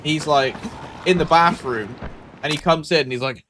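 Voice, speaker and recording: A man, animated and swearing in casual chat as a streamer. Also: normal speed. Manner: animated, swearing, acts out quotes with sudden high yelps. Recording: noisy background.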